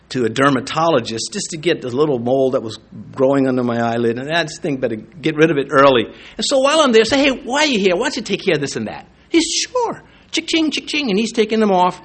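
A man preaching a sermon in a fairly high, very animated voice, with pitch that swings widely as he tells stories. He mixes casual, self-mocking humor with slow, deliberate readings of scripture. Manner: lively, conversational preaching with self-deprecating humor and frequent laughs; reads scripture aloud slowly and deliberately. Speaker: pastor.

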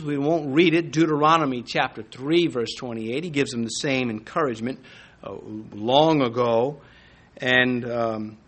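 An older pastor preaches in a loose, conversational way, stopping for asides and restarting phrases. His voice sits a little high for a man. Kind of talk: sermon.

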